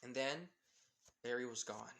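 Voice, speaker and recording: A man improvising a fan-made story out loud, in a rambling, casual way with frequent chuckles. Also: mid-range voice, a little slow, creaky.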